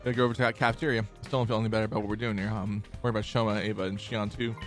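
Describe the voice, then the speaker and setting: A man's voice: lowish voice, flat delivery, rapid-fire, faint music behind. A man streaming a game who reads the story text aloud and chats in a rambling way, laughing easily. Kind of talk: casual play-along narration of a visual novel.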